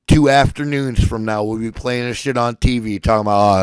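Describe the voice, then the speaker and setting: A man's voice: moderate pace, hardly any pauses, clear, resonant tone, no room sound, low-quality recording. Furious man in a dry room. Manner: furious, threatening, shouting then seething low. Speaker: ranting speaker. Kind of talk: angry profane rant.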